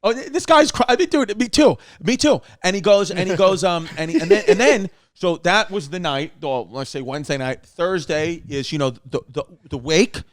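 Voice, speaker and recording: A man's voice: high voice, normal speed, hardly any pauses, no room sound, clean studio sound. A man from New York City co-hosting a podcast, telling a long story in casual chat and acting out the other people's lines. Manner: animated storyteller, quotes others in lively voices. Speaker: podcast co-host.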